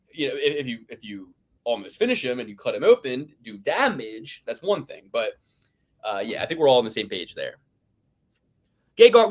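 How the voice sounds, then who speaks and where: A man's voice: mid-range voice, fairly bright tone. A man co-hosting a fight-picks podcast, talking in a rambling, emphatic way and swearing freely. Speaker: podcast co-host. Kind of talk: casual fight-picks chat.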